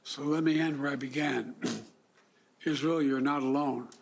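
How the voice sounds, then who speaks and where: An older man from the United States giving a formal, solemn speech, often clearing his throat. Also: medium pitch, steady tone. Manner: measured, solemn delivery with frequent throat clearing. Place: indoor room.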